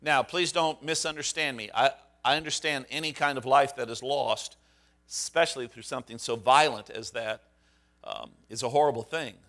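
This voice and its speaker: A man's voice: mid-range voice, normal speed, vocal fry, a bit bright. A man, a pastor, preaching a sermon in a conversational, storytelling way with fillers and restarts.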